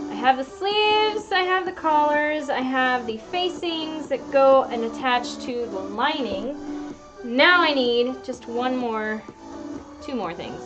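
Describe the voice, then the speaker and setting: Chatty, excitable high-voiced woman sewing. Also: highs cut off. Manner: chatty, excitable, laughs often. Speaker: sewing livestream host. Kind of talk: casual chat while sewing.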